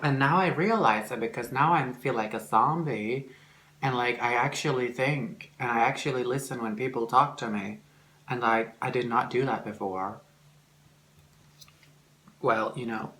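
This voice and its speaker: A young man with a Norwegian accent chatting casually while eating on camera, rambling with lots of fillers and swearing, sometimes jumping into loud, shrill, mocking outbursts. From Norway. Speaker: vlogger.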